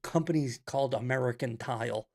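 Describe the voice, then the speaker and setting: A young adult man hosting a casual commentary show, blunt and sarcastic, telling stories in an animated way. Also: mid-range voice, brisk. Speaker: podcast host. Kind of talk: casual commentary, reading questions.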